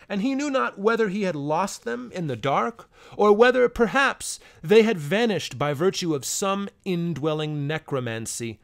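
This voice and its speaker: A man narrating a fantasy story aloud in a measured, dramatic reading. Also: fairly high pitch. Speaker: audiobook narrator.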